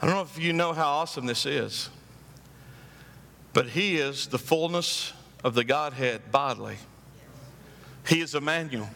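A man preaches with a bright, forceful voice that sits fairly high. He acts out the people in his stories with drawn-out phrases and builds to loud, high peaks. His words ring out with a long reverb, as in a large church hall. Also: gravelly. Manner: emphatic preaching, rising to loud climaxes. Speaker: pastor. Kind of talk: sermon.

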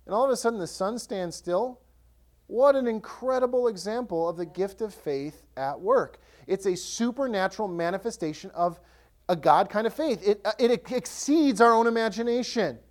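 Male pastor, lively sermon storyteller, acts out voices, swinging pitch. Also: moderate pace.

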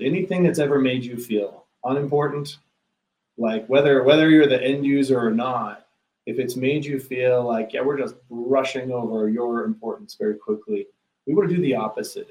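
A man's voice: medium pitch, darkish tone, reverberant, poor audio. A man hosting a casual business talk, earnest, often repeating words as he starts a sentence. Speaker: podcast host.

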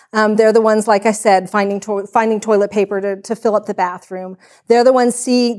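A woman's voice: medium pitch, a little mellow. A woman who leads a church's discipleship and women's ministry, a podcast guest telling a story in a chatty, frank and earnest way. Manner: chatty storytelling, acting out quoted dialogue.

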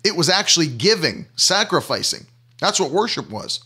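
A man's voice: on the high side, sing-song, normal speed, sharp tone, husky. A man preaching a sermon emphatically, repeating key phrases to drive them home.

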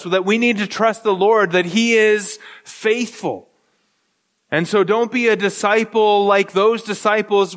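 A man's voice: high voice, fairly bright tone, long reverb tail. A man preaching a sermon as pastor, earnest and repetitive, often restarting his phrases.

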